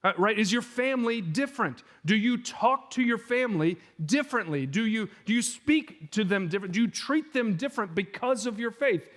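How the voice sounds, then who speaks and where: A male pastor preaching a sermon, telling the story with animated delivery and acting out the quoted speech. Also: high voice, normal speed, hardly any pauses.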